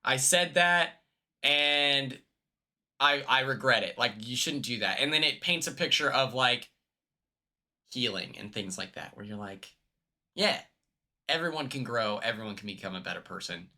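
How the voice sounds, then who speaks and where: A man's voice: mid-range voice, animated, normal speed, long pauses, pushed and bright. A man streamer reacting to a clip in casual chat, hesitant and repeating words as he thinks aloud.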